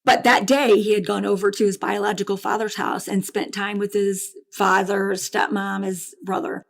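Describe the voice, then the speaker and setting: A middle-aged woman telling a painful personal story in a podcast interview, halting and emotional, with restarts and repetition. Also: mid-range voice, level tone, creaky. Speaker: bereaved mother guest.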